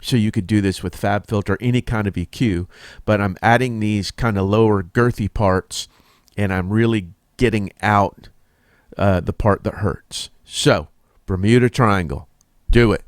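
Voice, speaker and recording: A man's voice: lowish voice, a little slow, no echo, studio quality. Laid-back man teaching audio mixing. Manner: relaxed, explains while working, with fillers and self-corrections. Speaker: mixing engineer. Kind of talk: casual mixing tutorial.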